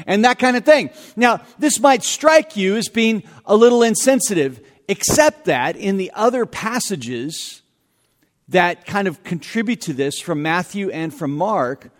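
A man preaching a sermon as pastor, conversational and animated, with self-deprecating asides. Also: high-pitched, in a large hall.

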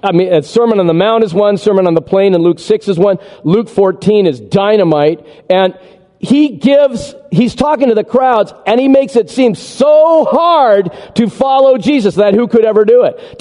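A man preaching with animated energy, his voice a touch higher than most men's and soft and mellow in tone. He guides his congregation through a printed chart. The sound carries a long reverb, as in a large church hall. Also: moderate pace. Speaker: pastor. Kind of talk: sermon.

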